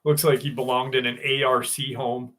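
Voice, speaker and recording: A man's voice: mid-range voice, level tone, moderate pace, pushed and bright. A man in his sixties hosting a casual livestream from home, chatting loosely with viewers, greeting them by name and swearing freely. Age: 60s. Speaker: livestream host.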